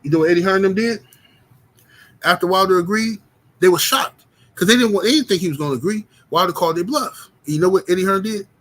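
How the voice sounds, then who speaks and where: A man with a fairly high voice hosts a boxing livestream. He argues his case with emphasis, calls out names from the chat and keeps checking in with "right?". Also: fast talker, fairly bright tone. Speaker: boxing commentary host. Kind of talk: livestream commentary with chat shout-outs.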